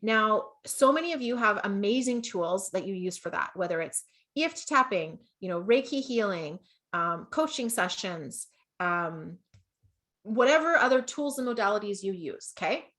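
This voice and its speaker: A Canadian business coach runs an online masterclass, speaking in an everyday, mid-pitched voice that is expressive and fairly bright at a moderate pace. She's chatty and upbeat, keeps checking in with her listeners, and laughs at herself easily.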